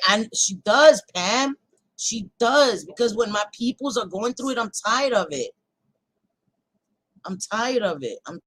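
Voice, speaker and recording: Ranting profanely to her livestream chat, this host alternates between loud blowups and calmer moments in a heated but casual way. She has a mid-range voice, captured on a low-quality recording.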